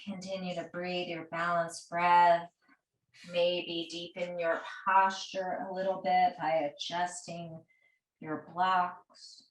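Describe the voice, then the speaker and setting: A woman leads a restorative yoga class at an unhurried pace, her gentle, soothing cues drifting through slow breath counts. Her voice sits a little back from the mic, and the room adds a roomy echo. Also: on the low side, recorded from a distance. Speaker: yoga teacher.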